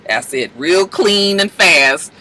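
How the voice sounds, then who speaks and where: A man talks through a TV episode in a loose, slangy, profane way and acts out what the characters say. His voice is very bright and cutting, sitting somewhat high. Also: takes it slowly, poor audio. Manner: animated storyteller, acts out characters' lines. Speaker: TV recap vlogger. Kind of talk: casual episode recap.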